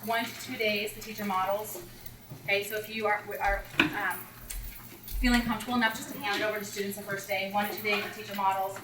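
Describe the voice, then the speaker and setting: A woman teacher coach tells classroom stories to an audience of teachers at a storytelling workshop, animatedly acting out the children's voices. She talks fast at a medium pitch, and the recording is reverberant, distant and very noisy.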